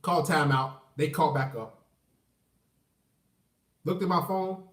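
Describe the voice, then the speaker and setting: A man casually telling a personal story, animated and profane, swinging between loud outbursts and low mutters. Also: slow. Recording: roomy echo, mic at a distance.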